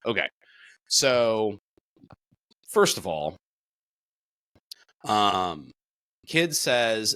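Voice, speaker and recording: A man co-hosting a casual reaction discussion, talking emphatically and rising sharply in pitch and volume when he stresses a point. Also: big pitch swings, extremely slow, long pauses, no room sound. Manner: emphatic, gets sharply louder and higher when making a point. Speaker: podcast co-host.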